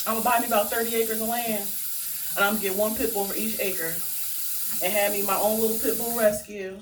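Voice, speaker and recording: A woman vlogger telling stories and ranting in a casual, animated way, swearing freely. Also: mid-range voice, far from the mic, background noise. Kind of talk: casual storytelling rant.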